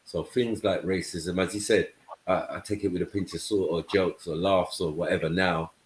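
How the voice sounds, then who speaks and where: Casting note: very low male voice, casual storyteller, echoey room. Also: steady tone, moderate pace, a little hiss or hum. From England. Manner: storytelling, keeps checking in with "you know what I mean". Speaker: panel host. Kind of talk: casual panel chat.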